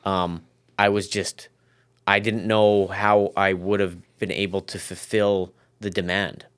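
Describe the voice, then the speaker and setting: A man's voice: low voice, level tone, unhurried, a bit bright, clean tone. A man speaking as a podcast guest, chatting casually about his business with loose, rambling sentences and many restarts. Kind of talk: casual conversational interview.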